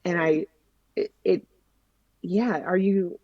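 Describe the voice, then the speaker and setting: A woman guest on a podcast, chatting casually and telling stories in an enthusiastic, expressive way. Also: fairly low pitch, slow pace, dry recording, dull audio. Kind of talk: casual conversation.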